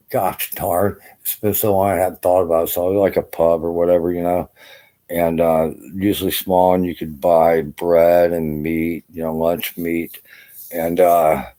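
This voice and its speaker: Older male veteran, low and mellow, exhausted, rambling profane vlog chat. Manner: rambling, profane, full of "you know" fillers. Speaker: army veteran vlogger. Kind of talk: casual rambling vlog monologue. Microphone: camera.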